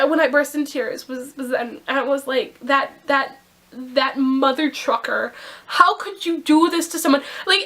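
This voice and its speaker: Gushing high-voiced young woman. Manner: gushing, excitable, rambling with many restarts. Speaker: book reviewer. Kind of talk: casual vlog book review.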